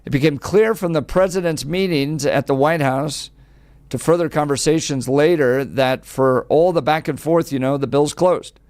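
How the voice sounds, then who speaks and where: A man's voice: on the high side, normal speed, darkish tone, no room sound. A man hosting a conservative talk radio show, reading news and mocking his opponents sarcastically.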